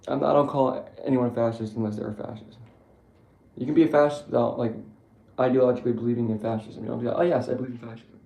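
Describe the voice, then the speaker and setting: Gravelly profane young man ranting. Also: mid-range voice, mellow, echoey room. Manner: profane, rambling, frequent restarts and fillers. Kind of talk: casual rambling political rant.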